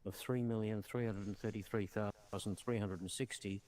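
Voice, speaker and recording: A man reading a documentary narration in a measured, formal way. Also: on the low side, fairly even intonation, a little mellow.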